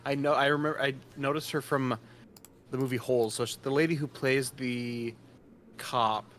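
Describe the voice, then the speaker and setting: A man's voice: mid-range voice, steady tone, normal speed, fairly bright tone, a little hiss or hum. A young man co-hosting a podcast, talking loosely and hesitantly with many "uh" fillers. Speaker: podcast co-host. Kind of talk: casual chat.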